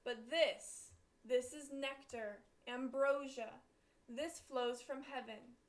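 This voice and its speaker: A woman's voice: high-pitched, steady tone, slow pace. A woman reading as a greedy, demanding giant. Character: huge greedy one-eyed male giant.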